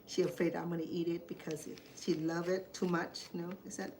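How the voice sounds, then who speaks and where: A woman's voice: on the low side, little pitch movement, brisk, darkish tone, a little hiss or hum. A woman with a Cambodian accent, a native Khmer speaker, hosting a cooking show and chatting in a rambling, storytelling way in her home kitchen. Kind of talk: casual chat while cooking.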